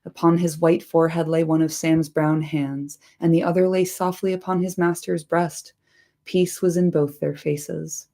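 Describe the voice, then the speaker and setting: A woman's voice: low-pitched, little pitch movement, moderate pace, dark tone. A woman reading a story aloud expressively, dropping in irreverent casual asides. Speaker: reader.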